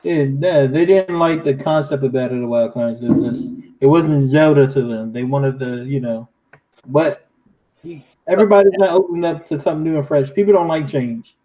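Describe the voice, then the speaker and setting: A man's voice: a little high, normal speed, warm tone, rough recording. A man co-hosting a podcast, telling stories in casual chat with fillers. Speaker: podcast co-host.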